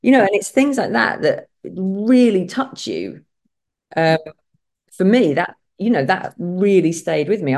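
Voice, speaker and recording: A middle-aged woman with a Kent accent, a vet chatting as an interview guest and telling lively stories. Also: low voice. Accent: Kent English. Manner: chatty storyteller, acts out quoted voices. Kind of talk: casual interview chat.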